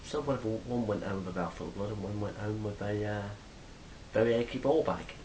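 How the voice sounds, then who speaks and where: A man's voice: lowish voice, fairly quick, slight background noise, rough recording. Rambling man vlogging on a phone. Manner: rambling, swears freely, acts out quoted exchanges loudly. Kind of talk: casual monologue to camera.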